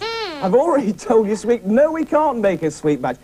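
Excitable guy hosting a kids puppet show, voice jumps all over the place. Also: extremely high pitch, moderate pace, crowd noise. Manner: excitable, chatty, talks to puppets. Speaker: host of a children's puppet show. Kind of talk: children's TV presenting.

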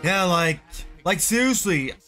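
Brief: high-voiced male gamer, slow rambling, swears when raging. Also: lively intonation, music in the background. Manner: raging, cursing, rambling with many fillers. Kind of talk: live gameplay commentary.

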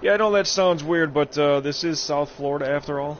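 A man narrates his gameplay on a live stream, cursing freely and cracking jokes in a slightly raised voice. The stream audio is dull and muffled. Game engine noise runs clearly beneath him. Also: fairly high pitch, a little fast. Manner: profane, joking, chatty. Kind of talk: casual gameplay commentary. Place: warm room at home.

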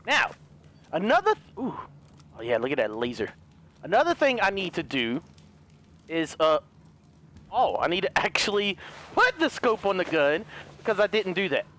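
A man doing let's play commentary, excitable, talking to his viewers, yelping and swearing as he plays. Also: sits high. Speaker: gaming youtuber.

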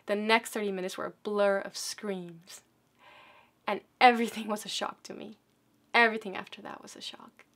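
Woman telling a dramatic personal story. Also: medium pitch. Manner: dramatic, swings from loud reenacted shouts to hushed near-whispers.

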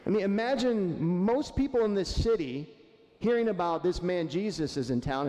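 A man preaching a sermon as pastor, conversational and earnest, slowing down to stress quoted words. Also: sits high, darkish tone. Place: church sanctuary. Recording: echoey hall, faint room ambience.

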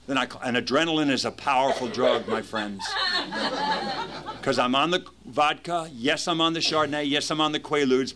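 A man in his fifties telling his story at a recovery meeting, lively, acting out the voices of people in it. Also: medium pitch. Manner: animated storyteller, acts out quoted voices.

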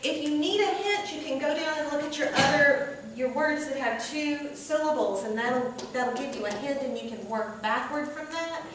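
A woman's voice: high voice, moderate pace, hardly any pauses, a bit bright. A woman teacher lecturing a class, often checking in with "okay?". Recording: echoey classroom from far off, noisy.

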